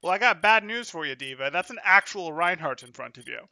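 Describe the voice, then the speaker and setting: A man coaching a player through live gameplay, brisk and emphatic, repeating his key points. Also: sits high, expressive, creaky, heavy background noise. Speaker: game coach.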